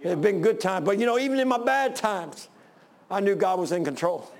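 Male pastor, middle-aged, high gravelly voice, fiery repetitive sermon, shouts at the peaks. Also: expressive, normal speed. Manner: impassioned preaching, rising to shouts, with repetition. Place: church sanctuary with congregation.

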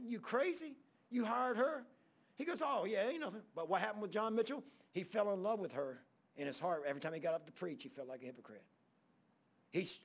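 Guy preaching, kinda high pitched, rambly storytelling, voices the people in his stories. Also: gravelly. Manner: folksy, rambling Southern preacher talk with quoted dialogue. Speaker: pastor. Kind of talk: storytelling sermon.

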